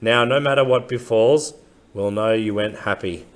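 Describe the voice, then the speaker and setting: A man's voice: fairly low pitch, moderate pace, natural voice. A man doing a doting, fussing sister. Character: fond older woman, a prisoner's sister.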